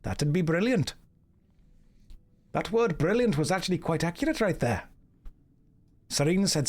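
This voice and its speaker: A man's voice: a little high, animated, unhurried, long pauses, darkish tone. An English man in his thirties chatting and joking with viewers while streaming a game. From England. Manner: joking, riffing, slips into mock accents. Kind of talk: live stream chat while gaming.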